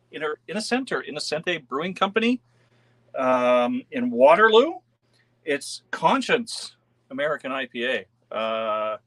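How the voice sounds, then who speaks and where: A man's voice: mid-range voice, sharp tone. A man hosting a live beer unboxing stream, chatting casually, laughing often and greeting viewers by name. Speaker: beer channel host.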